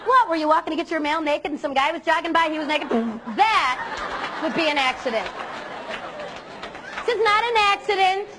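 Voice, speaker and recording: A woman with a high voice gives an earnest talk to a room of students. She speaks emphatically and leans hard on key words, with a lively, animated delivery. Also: normal speed, some chatter behind, slight background noise. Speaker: youth speaker.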